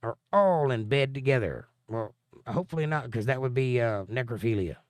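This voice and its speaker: A man's voice: mid-range voice, moderate pace, no echo. A man hosting a livestream, reading viewer comments aloud and answering them with dry, sarcastic jokes. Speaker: livestream host.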